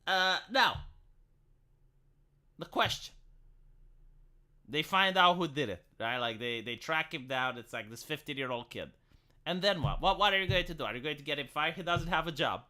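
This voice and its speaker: Bright, animated man ranting. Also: a little high, moderate pace, long pauses. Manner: opinionated, rambling, swears casually, sarcastic asides. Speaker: live streamer. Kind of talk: casual late-night stream rant.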